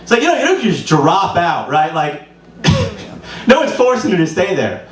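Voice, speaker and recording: With a high-pitched voice that swings hugely in pitch, a young man in his twenties keeps a measured pace through his loose, profane, rambling open-mic stand-up. He's performing on a small club stage, recorded from a distance with lots of room sound.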